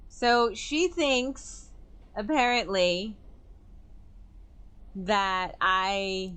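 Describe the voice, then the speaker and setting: A young woman streaming a game, chatting and thinking aloud, with sudden excited outbursts. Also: mid-range voice, slow pace, long pauses. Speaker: gaming streamer. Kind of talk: let's play commentary.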